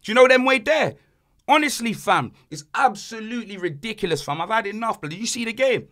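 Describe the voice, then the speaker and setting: A young man hosting a casual banter podcast, ranting and joking in an animated way. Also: high-pitched, brisk. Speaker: podcast host.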